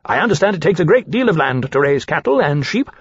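A scheming young dragon with a high, lifted voice, as a man puts him on for an audiobook, eagerly flattering everyone he speaks to. The voice is husky, and the recording sounds dry and a little dull. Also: fast talker, no room sound, full character voice. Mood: fawning. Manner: ingratiating, eager, smoothly flattering.

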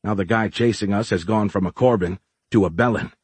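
A weary, resigned man who works with tech, read by a male narrator, musing aloud in a tired way. His voice is low and husky. The recording is close and dry. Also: brisk, a little mellow, dry recording.

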